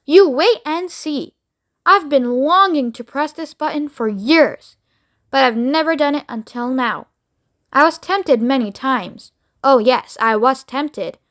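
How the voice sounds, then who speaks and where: A woman voicing an excitable, eccentric male candy maker who talks in quick, bubbly exclamations. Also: high-pitched, heavily acted. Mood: gleeful.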